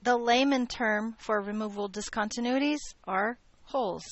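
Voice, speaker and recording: A woman's voice: a little high, normal speed, no echo, highs cut off. A woman teaching a math class, joking with her students as she lectures.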